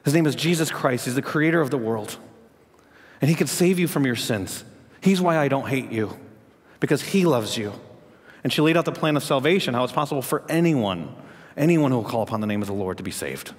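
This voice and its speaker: A man preaching a sermon as pastor, telling a story and asking the congregation questions, rising in pitch and volume to make his points. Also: animated, brisk, big-room sound.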